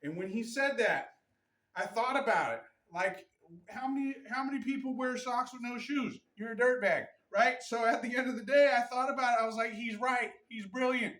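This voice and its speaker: A man's voice: extremely high pitch, moderate pace, a bit bright, recorded from a distance. A man casually demonstrating how to wrap hands for boxing, rambling and blunt, often checking in with "right?". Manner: loose, rambling, keeps asking "right?". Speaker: boxing and MMA instructor. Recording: roomy sound from off the mic.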